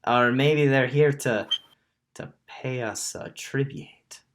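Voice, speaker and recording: A man voicing a brash male metal warforged pirate captain, high, loud and mocking. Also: steady tone, slow pace, noisy background, natural voice. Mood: cocky. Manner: laughing, cocky, high and loud. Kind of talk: tabletop role-play voice.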